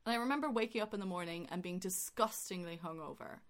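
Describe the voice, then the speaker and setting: A woman's voice: fairly low pitch, fast. A woman co-hosting a casual podcast chat, telling stories animatedly and swearing freely. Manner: animated storytelling, swearing, rising into loud excitement. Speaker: podcast co-host.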